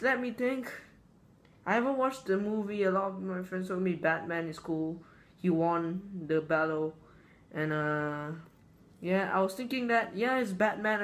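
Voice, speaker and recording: Guy rambling thru a would you rather vid, lots of um and uh, restarts a lot. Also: sits high. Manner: rambling, halting, many fillers and restarts. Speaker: channel host. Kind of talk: casual would-you-rather vlog chat.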